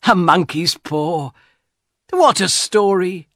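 A man's voice: sits high, animated, takes it slowly, sharp tone, no echo, clean studio sound, pitched above the performer's own voice, full character voice. A man voicing a fretful old woman. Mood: anxious. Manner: fretful, rising exclamations. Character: anxious excitable old woman.

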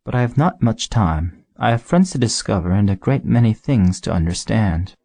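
A man's voice: fairly low pitch, lively intonation, moderate pace, creaky, warm tone, slightly rough, no room sound, pitched above the performer's own voice, full character voice. A man voicing a curious, polite little boy prince in an audiobook reading, asking earnest questions.

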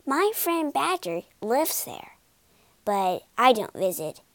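A woman's voice: a little high, sing-song, slow, no echo, full character voice. A woman voicing a breezy, knowing water rat. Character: cheerful confident male water rat.

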